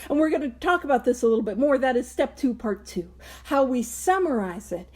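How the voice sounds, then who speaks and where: A woman with a high, bright-sitting voice leads a book study in a relaxed, conversational teaching style. She leans hard on key words with earnest conviction and lets small chuckles slip between her phrases. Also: a little fast. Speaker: host of a recovery book study. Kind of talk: casual spoken teaching.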